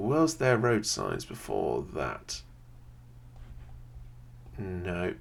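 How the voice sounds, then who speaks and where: A man, thinking aloud in casual gameplay commentary from a quiet home room, often pausing with "um". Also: lowish voice, lively intonation. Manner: thinks aloud, chatty, many "um"s. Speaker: video creator playing a geography game. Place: quiet home room with a computer under the desk.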